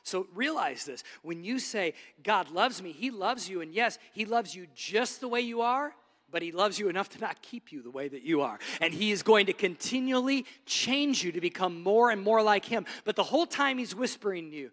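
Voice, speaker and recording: A man preaching a sermon as a pastor, swinging between loud, emphatic lines and hushed, soft ones, recorded in a church sanctuary. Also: high-pitched, animated, moderate pace, long reverb tail.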